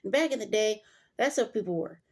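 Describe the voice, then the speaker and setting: A woman's voice: mid-range voice, lively intonation, brisk. A woman reading a Bible passage aloud and breaking off into chatty, digressive commentary full of fillers.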